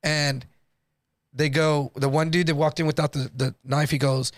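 A man from Texas, a guest comedian, telling a story in an animated, profane, slang-heavy way. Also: on the high side, moderate pace, no room sound, studio quality. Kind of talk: casual storytelling.

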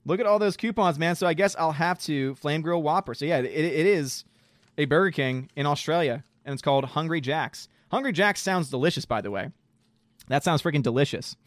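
A man chats on a casual live stream, reading viewer messages and reacting loudly. His voice sits a bit high for a man, and the recording is close and dry with no room sound. He is animated and exclamatory, with plenty of "dude" and "man.". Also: a little fast, no echo.

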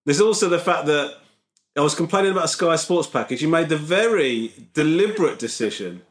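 A man co-hosting a comedy podcast who teases in a dry, wry way. His pitch moves up and down a lot. The room adds a noticeable echo. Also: animated, a little fast. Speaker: podcast co-host. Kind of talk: casual comedic chat.

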